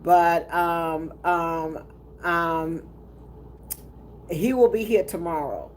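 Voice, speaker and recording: A woman who drives and recruits for trucking, chatting casually on a live stream with her viewers. She tells a heartfelt family story in a halting, hesitant way, with many pauses and fillers. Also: fairly low pitch, slight background noise.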